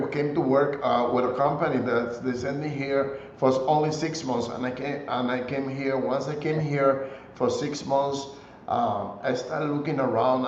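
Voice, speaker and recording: Older male guest, unhurried storyteller, hesitant, slightly muffled and roomy. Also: medium pitch, a little hiss or hum. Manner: relaxed storytelling with frequent hesitations. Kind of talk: conversational interview.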